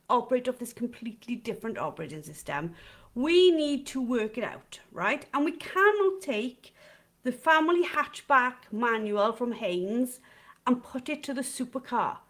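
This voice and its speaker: Woman, middle-aged, casual live-stream teaching, talks to viewers, fairly high voice. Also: a bit bright. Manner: chatty, addresses viewers in comments, frequent "right?". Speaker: dog trainer hosting a live stream.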